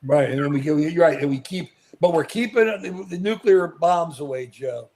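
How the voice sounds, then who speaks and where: Man, high-pitched, indignant and emphatic, repeats himself, political talk host, live commentary. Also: normal speed, vocal fry, a little mellow. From United States. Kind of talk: opinionated live commentary, reading viewer comments.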